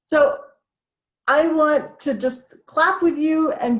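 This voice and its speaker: Woman, high voice, slow unhurried delivery, self-care speaker, upbeat, laughing and cheering. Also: noisy background. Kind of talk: guided laughter exercise.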